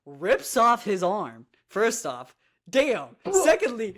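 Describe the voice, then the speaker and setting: A woman co-hosting a podcast in casual chat, excitable and laughing as she recaps a show. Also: medium pitch, takes it slowly. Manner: excitable, laughing, lots of "bro". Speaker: podcast co-host.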